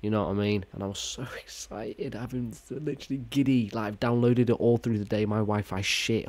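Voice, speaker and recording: A man's voice: lowish voice, a little fast, hardly any pauses, a little mellow. A young man ranting alone to camera, swearing heavily and moving between anger and gloom. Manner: swears a lot, rants, swings from angry to glum. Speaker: gaming YouTuber. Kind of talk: angry solo rant to camera.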